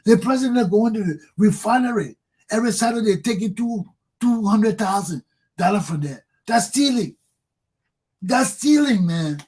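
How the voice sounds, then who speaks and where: Man, Liberian English accent, talk show host, angry profane monologue, husky, high-pitched. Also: moderate pace, dark tone. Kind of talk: impassioned political monologue.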